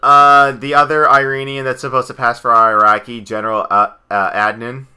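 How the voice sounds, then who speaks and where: A man co-hosting a casual podcast chat, rambling excitably with frequent asides. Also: medium pitch, normal speed, clear, resonant tone. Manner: rambling, excitable, slips into goofy impressions. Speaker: podcast co-host.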